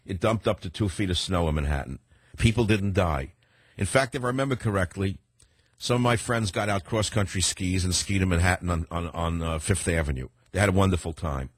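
A man's voice: low-pitched, a little fast, slightly rough, dry recording. An older man with a New York accent, hosting a talk radio show in a rambling, combative monologue.

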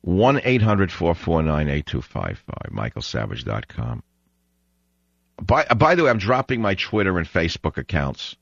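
A gravelly, low-pitched, slightly bright voice swoops wildly in pitch at a normal pace as a call-in radio host rants scornfully and bluntly. The talk radio monologue is on a studio broadcast microphone, and the audio is dull and dry with no room sound.

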